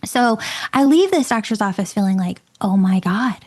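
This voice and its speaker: Woman, middle-aged, mid-pitched, excitable, emphatic, personal storytelling. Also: moderate pace. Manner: emphatic, excitable, repeats words. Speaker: podcast host and medium.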